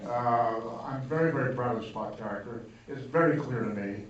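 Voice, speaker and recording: An older man speaking as guest at a screening Q&A, telling anecdotes in an animated, self-mocking way to an audience in a large hall. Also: mid-range voice, a little fast. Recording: echoey hall, distant, dull, noisy.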